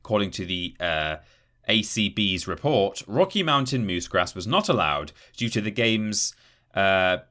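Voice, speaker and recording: A man co-hosts a casual gaming podcast, reading the news aloud and tripping over the odd word. His voice sits a little low but comes across very bright and sharp. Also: animated, measured pace. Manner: reads news aloud, stumbles and laughs at words. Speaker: podcast co-host.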